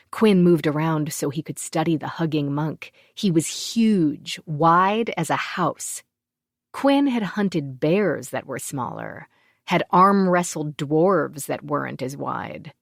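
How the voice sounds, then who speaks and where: A woman narrating a fantasy audiobook in an even, measured storytelling manner. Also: sits low, creaky, dry recording, clean studio sound. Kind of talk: scripted narration.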